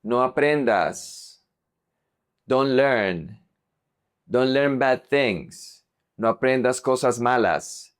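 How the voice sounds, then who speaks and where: In an unhurried language lesson, a Spanish teacher with a typical mid-range male voice pronounces example words with care and says them again so students can keep up. His tone is clean and his delivery animated.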